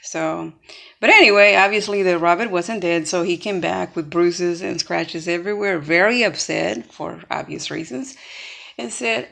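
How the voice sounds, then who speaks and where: A woman's voice: fairly low pitch, moderate pace, vocal fry, fairly bright tone. A woman telling a fable in casual, rambling talk with many fillers. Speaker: storyteller. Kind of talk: casual spoken storytelling.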